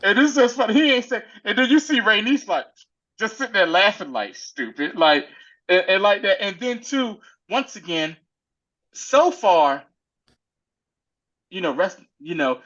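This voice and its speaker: A man casually recapping a TV episode with a co-host, animated and slangy, acting out the characters' lines in quick little voices. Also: sits high, highs cut off. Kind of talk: casual chat.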